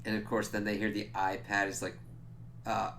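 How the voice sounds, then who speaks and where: Bright-voiced man reviewing a show. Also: on the low side, moderate pace, slight background noise. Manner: excitable, profane, full of "like" fillers. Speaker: TV episode reviewer. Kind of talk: casual spoiler review.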